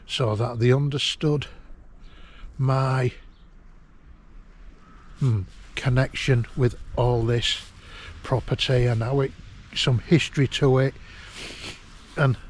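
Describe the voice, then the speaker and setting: A man, telling a personal memory in a halting, emotional way and laughing through it, recorded outdoors in a garden. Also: mid-range voice. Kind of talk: casual storytelling.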